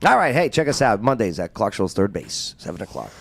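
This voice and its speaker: A man's voice: on the low side, fast, vocal fry, slight background noise. A man hosting a casual talk show, joking and plugging the show. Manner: animated, joking, plugs the show. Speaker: show host.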